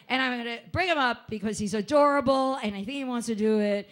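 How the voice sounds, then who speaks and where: A woman's voice: a little high, fast, hardly any pauses. A woman hosting at a comedy club, introducing the next act into a handheld mic with loose, teasing banter. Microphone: handheld stage mic.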